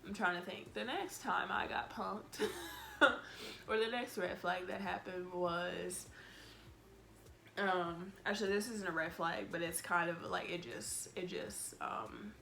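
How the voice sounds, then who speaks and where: A woman's voice: lowish voice, slow pace, vocal fry, slight background noise. A woman telling a storytime vlog in a blunt, exasperated way, cussing freely and acting out what she said back then. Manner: animated, acts out her own lines. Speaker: vlogger.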